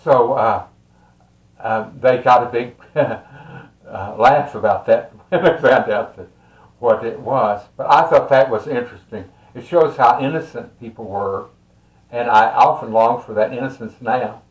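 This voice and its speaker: A man's voice: medium pitch, a little slow. Older Texan man telling a folksy story. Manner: folksy, rambling, with many fillers and chuckles. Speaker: storyteller and tarot reader. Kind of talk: casual spoken storytelling. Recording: roomy echo.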